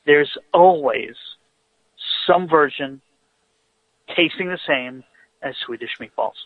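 A man's voice: fairly high pitch, slow pace, dry recording. A man co-hosting a radio show by phone while driving, chatty and joking. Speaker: radio co-host. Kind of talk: casual radio banter. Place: driving in a car. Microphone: phone call. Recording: tinny phone line from a car.

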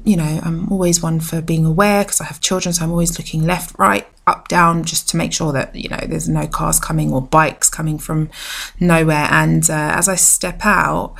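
A woman hosts her own podcast in a loose, reflective monologue. Her voice sits on the low side and has a gravelly, creaky texture. She rambles with fillers and restarts as she talks. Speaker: podcast host. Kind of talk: casual solo podcast monologue.

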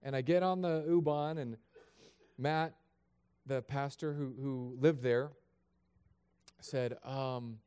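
A middle-aged male pastor telling a story in a sermon, shifting between hushed and raised passages. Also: mid-range voice, fairly even intonation, takes it slowly, pauses often, clean tone.

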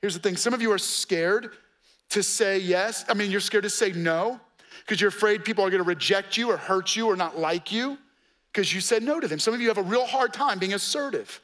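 A man's voice: high-pitched, a little fast, a bit bright. A man preaching a sermon as pastor, conversational and coaching, with playful asides and rhetorical questions to the congregation.

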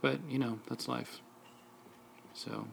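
A father hosting a casual family chat, relaxed and laughing easily as he teases his daughters. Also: medium pitch, takes it slowly, gravelly, slight background noise. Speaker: father and host.

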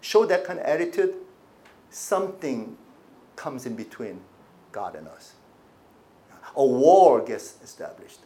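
Animated male preacher. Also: medium pitch, slow pace, pauses often. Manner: animated preaching with congregation call-and-response. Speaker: pastor. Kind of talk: sermon.

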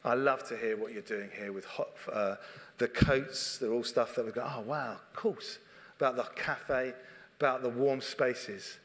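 A man's voice: medium pitch, steady tone, normal speed, a bit bright. A middle-aged man, a church leader, preaching a sermon in an earnest, conversational way and often repeating his phrases. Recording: long reverb of a church hall.

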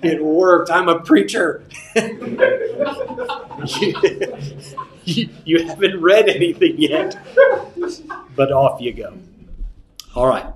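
Joking preaching teacher, echoey room. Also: male voice, on the high side, takes it slowly, long pauses. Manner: relaxed, joking, repeats key phrases. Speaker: preaching instructor. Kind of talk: teaching a class on sermon delivery.

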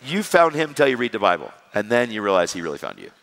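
Animated preacher man in a reverberant hall. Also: lowish voice, fast, gravelly. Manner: animated and conversational, swinging between loud and hushed. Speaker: evangelist. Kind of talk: preaching a personal testimony. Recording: long reverb of a large hall.

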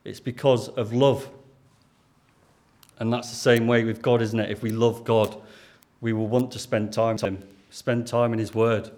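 Delivering a sermon in an unhurried way, a Lancashire-accented man from Lancashire, England, uses a darkish, mid-range voice with little pitch movement. The preacher sounds earnest and conversational, plain in his speech, repeatedly putting questions back to the people listening.

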